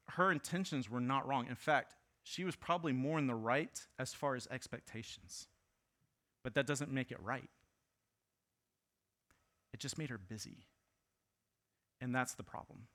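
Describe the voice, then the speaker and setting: A bright, clear-toned man in his thirties delivers a sermon like a chat with his congregation. He mixes in little asides and fillers, then pushes his voice up to act out quoted complaints. His pitch sits in an ordinary middle range. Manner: conversational preaching with fillers and asides; acts out quoted lines in a raised voice. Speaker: pastor.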